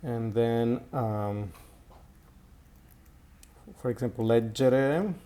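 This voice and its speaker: A man teaching an Italian grammar lesson in a slow, halting way, with many fillers and repeated words. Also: medium pitch, warm tone. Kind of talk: recorded language lesson.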